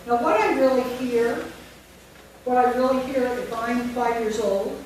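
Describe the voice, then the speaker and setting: A woman's voice: fairly high pitch, moderate pace. A woman leading a phonics teacher training workshop, demonstrating classroom instruction step by step. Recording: echoey room from far off with noise.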